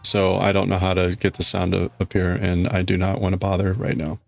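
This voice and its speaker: Man, livestream host, casual rambling chat, low voice, soft music in the background. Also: completely flat delivery, fairly quick, creaky. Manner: rambling, chatty, frequent restarts.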